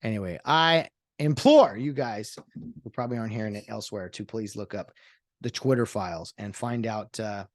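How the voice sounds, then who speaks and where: A man's voice: fairly low pitch, moderate pace, no echo, studio quality. A man hosting a solo podcast, rambling in casual talk with lots of fillers and sarcastic asides. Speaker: podcast host.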